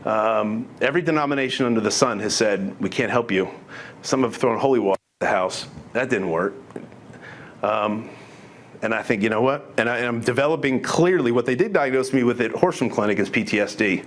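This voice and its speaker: A man's voice: mid-range voice, fairly quick, slight background noise. Earnest man giving a testimony. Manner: earnest, conversational, with many restarts and quoted dialogue. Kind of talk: testimony talk to an audience.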